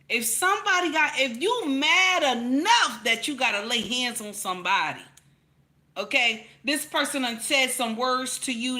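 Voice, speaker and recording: Bright-voiced lady ranting to camera, preachy and cussing, keeps saying baby, repeats herself hard. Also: a little high. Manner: preachy, blunt and profane, calls listeners "baby"; repeats points for emphasis, rising to loud outbursts. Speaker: commentary channel host. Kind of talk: emphatic opinion commentary to camera.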